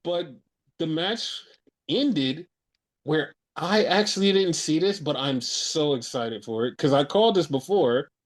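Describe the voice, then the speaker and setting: A man with a fairly high voice hosts a loose, casual podcast and swears freely as he rants. He tells his stories with animated, excitable energy, and his heat keeps climbing. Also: a little slow. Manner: profane, heated ranting. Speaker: podcast host. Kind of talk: casual wrestling podcast chat.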